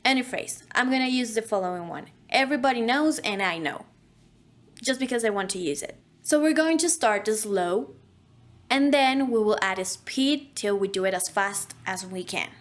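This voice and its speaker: A woman's voice: a little high, animated, moderate pace. A woman teaching an online voice acting course, speaking in an instructive way and demonstrating diction drills.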